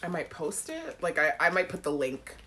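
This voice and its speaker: Lively low-voiced Caribbean woman host. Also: moderate pace, slight background noise. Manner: animated, laughs often, acts out song lines. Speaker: live chat show host. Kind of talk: casual live-stream chat reading comments.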